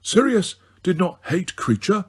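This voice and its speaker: A man voicing a wise, weary old male headmaster wizard in an audiobook, speaking in a measured, gentle, grave way. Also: sits high, big pitch swings, husky, pitched above the performer's own voice, full character voice. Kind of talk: audiobook character reading.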